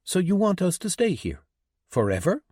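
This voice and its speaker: A man's voice: high voice, huge pitch swings, takes it slowly, a bit bright, breathy edge, dry recording, clean studio sound, pitched above the performer's own voice, full character voice. A man reading an audiobook, voicing a stubborn, anxious young woman who argues and pleads. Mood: arguing. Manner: pleading, argumentative.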